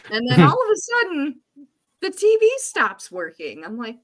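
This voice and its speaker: A woman co-hosting a casual podcast chat, telling stories in an animated way and acting out her own panic. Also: high-pitched, moderate pace, a crowd in the background. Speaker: podcast co-host.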